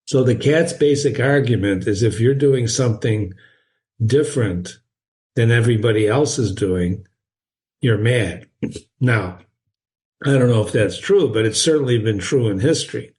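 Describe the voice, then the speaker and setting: A man teaching his way through a classic novel, pausing to explain words and ideas. He is chatty and encouraging, wanders off on tangents and chuckles often. His voice sits at an average pitch. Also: darkish tone.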